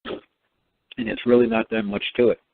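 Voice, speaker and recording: A man's voice: a little slow, dry recording. A man hosting a talk show, giving advice in a folksy, rambling, plain-spoken way. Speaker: host. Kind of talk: casual advice monologue. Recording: tinny phone-line sound.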